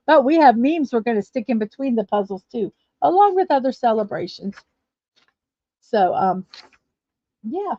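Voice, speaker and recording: A woman's voice: a little high, a little mellow, no echo. A woman hosting a casual livestream, chatting and reading viewer comments aloud. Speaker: livestream host. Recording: dull lo-fi dry stream audio.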